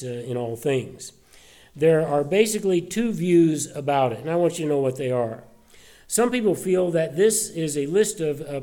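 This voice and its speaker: A male pastor in mid-sermon, speaking to a church congregation in an earnest, conversational way. His voice sits a little high but sounds warm and mellow. He often stops on an uh and starts his sentences over. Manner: earnest, conversational, many uh fillers and restarts. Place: church service.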